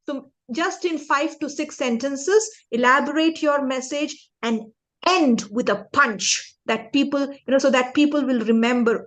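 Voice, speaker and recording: A woman with a bright, high-pitched voice teaches public speaking to a group of young students. She talks in an animated, demonstrative way, stops often to check the class is following, and acts out good and bad delivery as she goes. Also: measured pace. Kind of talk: interactive lesson to young students.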